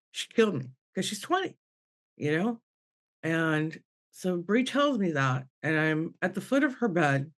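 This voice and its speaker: Earnest middle-aged woman telling a story. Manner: earnest, acts out dialogue with rising pitch, drops low and soft when moved. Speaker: guest medium on a panel. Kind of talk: emotional personal storytelling.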